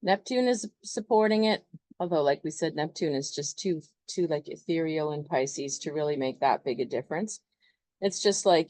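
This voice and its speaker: A woman's voice: sits low, normal speed, a little mellow, no room sound. A woman astrologer talking through a chart in a chatty, loose way, full of fillers. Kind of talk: casual astrology explanation.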